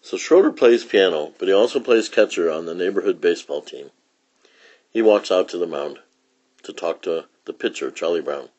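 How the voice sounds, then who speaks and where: A man reading a comic book aloud for children in a relaxed storytelling way. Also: low-pitched, normal speed, husky. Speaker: reader. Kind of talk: children's read-aloud narration.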